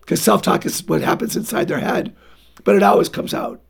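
A woman's voice: mid-range voice, a little fast, creaky, darkish tone, slightly rough. A woman speaking as a guest on a parenting interview, earnest and emphatic as she urges parents on. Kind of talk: radio interview talk.

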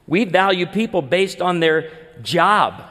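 A man's voice: high-pitched, expressive, slow pace, bright, forceful tone. A middle-aged man preaching a sermon as a pastor, earnest and emphatic, building points in rhythmic lists. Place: church sanctuary. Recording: long reverb in a large church hall.

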